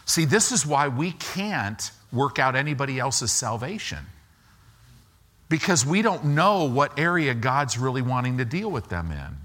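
A man preaching a sermon as pastor, slowing for emphasis and acting out quoted lines with rising and falling pitch. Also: fairly bright tone. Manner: slow deliberate emphasis.

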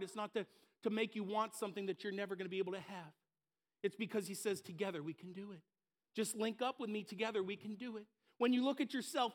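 A man pastor delivering a sermon to a congregation from a church stage, impassioned, swinging between loud emphasis and hushed asides. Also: sits high.

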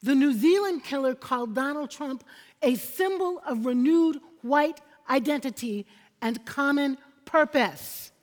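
A woman's voice: sits high, expressive, a little slow, big-room sound. A woman preaching a sermon, emphatic and repeating phrases for effect, calling on the congregation for amens.

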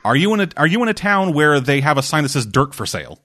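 A man's voice: a little high, very animated, fast talker, no echo, studio quality. Rambling, swearing man in casual chat. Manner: rambling, profane, acts out quotes loudly. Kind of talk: casual chat reviewing movies and shows.

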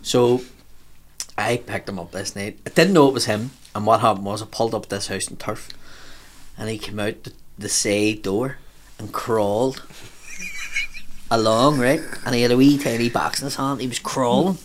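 A man's voice: medium pitch, normal speed, a little hiss or hum. A man telling a rowdy anecdote in casual chat, swearing often and acting out other people's voices. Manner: sweary, animated, acts out voices. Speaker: storyteller.

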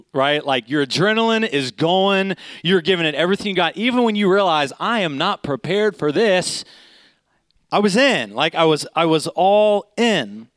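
A man in his thirties preaching in a casual, animated storytelling way, often checking in with "okay?". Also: sits high, no room sound. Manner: animated, conversational, keeps asking "okay?". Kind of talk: storytelling sermon.

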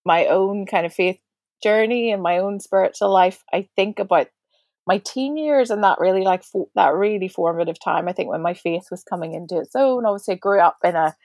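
A woman's voice: mid-range voice, a little fast, a little mellow, dry recording. A Northern Irish woman in her forties, a guest on a faith podcast, talking in a chatty, reflective way with many fillers and restarts. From Northern Ireland. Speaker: guest, prayer ministry leader.

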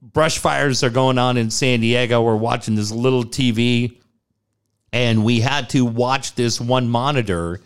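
An animated man tells a personal story in casual conversation. He acts out the other people in the story, and his voice leaps up sharply when he quotes them. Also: measured pace, smooth. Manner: animated, acts out quotes with big pitch jumps. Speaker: guest telling a personal story.

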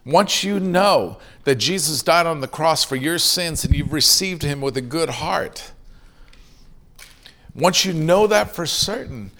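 A middle-aged male pastor preaching with earnest conviction, his voice gravelly with fry. He sits a touch higher than most men and often slips into acting out short quoted lines from his stories. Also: lively intonation, unhurried, pushed and bright. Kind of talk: sermon.

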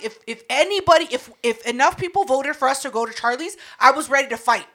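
A woman's voice: sits high, fast talker. A woman co-hosting a casual chat, telling a story with profanity and frequent laughter. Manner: lively, profane, laughs often.

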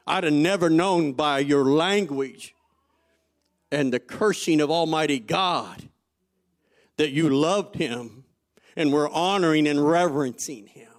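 Telling stories from his own life, a pastor preaches slowly in a fairly high voice. He asks the congregation rhetorical questions, rising to loud emphasis and dropping into quiet asides.

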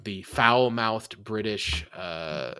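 A man hosting a casual movie podcast, animated and laughing often, restarting his sentences. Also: lowish voice, very slow, clean tone, no room sound, clean studio sound. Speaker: podcast host.

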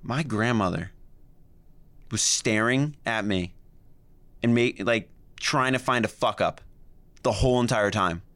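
A young man from New Jersey co-hosting a casual podcast, telling stories in a profane, animated way and mocking other people's voices. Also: lowish voice, a little slow, long pauses. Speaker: podcast co-host.

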